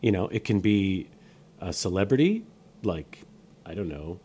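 Low-voiced man doing a mock sales pitch. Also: animated, a little slow, warm tone, husky. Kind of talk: improvised comedy banter.

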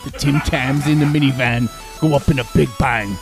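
A man putting on a put-on Australian accent to voice a hammy male snack pitchman in a loud, singsong sales pitch. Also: steady tone, normal speed, music in the background, close to an everyday voice.

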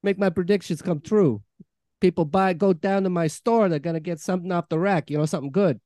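A man playing a brash, needy fortune-teller in an improv comedy scene, loud and pushy as he hands out predictions. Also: high voice, a little fast, no room sound, studio quality, close to an everyday voice.

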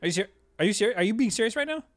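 Man, comic sketch player, fumbling and apologetic, animated pitch, dry sound. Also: rapid-fire, no room sound. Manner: awkward, apologetic, exasperated. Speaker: comedy sketch performer. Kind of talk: improvised comedy sketch.

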